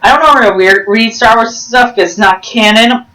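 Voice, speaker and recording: A woman giving rambling, jokey game commentary, full of excitable outbursts and self-corrections. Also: fairly high pitch, normal speed. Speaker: gameplay commentator. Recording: roomy, distant mic with game music.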